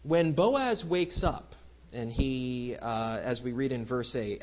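A man giving a casual, lively Bible lecture, with many fillers, acting out the quoted lines. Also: mid-range voice, slow, lo-fi sound. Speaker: Bible teacher. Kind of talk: lecture on scripture.

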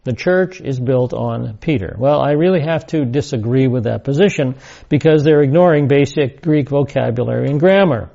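Guy with a gravelly dark voice doing a bible study class, slow and emphatic, kinda dull lo-fi sound. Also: mid-range voice. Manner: deliberate, emphatic, repeats key words. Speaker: Bible teacher.

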